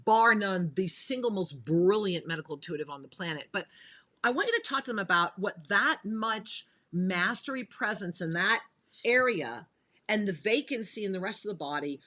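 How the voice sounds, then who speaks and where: A woman's voice: medium pitch, lively intonation, moderate pace, pushed and bright. A woman hosting a spiritual talk radio show, enthusiastic and speaking straight to her listeners. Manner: enthusiastic, addresses listeners directly. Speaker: host.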